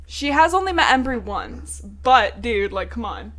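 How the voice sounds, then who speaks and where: A woman's voice: a little high, big pitch swings, measured pace, a bit bright. A woman co-hosting a podcast, casually recapping a book with loose talk and swearing. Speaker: podcast co-host.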